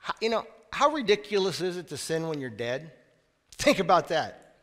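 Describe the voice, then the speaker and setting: Male pastor, high voice, talky sermon delivery, church reverb. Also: big pitch swings, normal speed, fairly bright tone. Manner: conversational preaching with asides. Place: church sanctuary.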